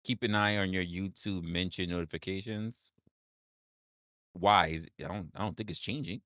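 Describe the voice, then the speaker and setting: A man's voice: sits low, steady tone, moderate pace, fairly bright tone, no room sound, studio quality. A man hosting a livestream, reading chat aloud and reacting with repeated exclamations, swearing and laughter.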